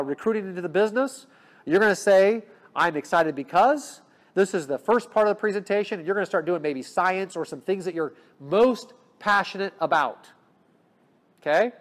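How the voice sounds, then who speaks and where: A man with a high voice leads a sales training session. He talks energetically and keeps checking that his listeners follow him. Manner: energetic, coaching, rhetorical check-ins. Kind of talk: business training talk.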